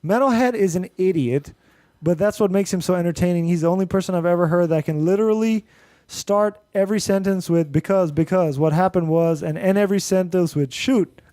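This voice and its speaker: Podcast host, man, mixed Indian-American accent, high voice, loose rambling delivery with laughs. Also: a little fast, warm tone, dry recording. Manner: rambling, laughs often, restarts and fillers. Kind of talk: casual podcast chat, reading listener reviews.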